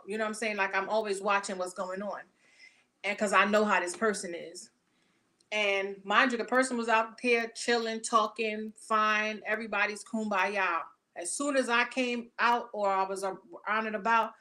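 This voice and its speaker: A woman giving a casual tarot reading, talking bluntly and profanely with animated storytelling. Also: mid-range voice. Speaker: tarot reader.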